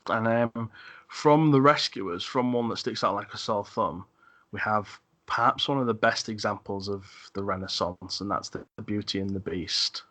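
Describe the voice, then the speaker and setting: A man hosting a podcast, chatting casually about films, halting and repeating words as he thinks. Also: lowish voice, pushed and bright, no echo. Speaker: podcast host. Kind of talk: casual film discussion.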